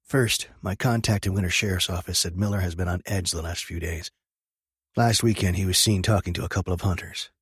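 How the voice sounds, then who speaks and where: A man voicing a calm adult male biker and former Marine in an audiobook, steady and businesslike. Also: sits low, a little fast, slightly rough, no room sound, clean studio sound, full character voice. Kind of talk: audiobook character voice.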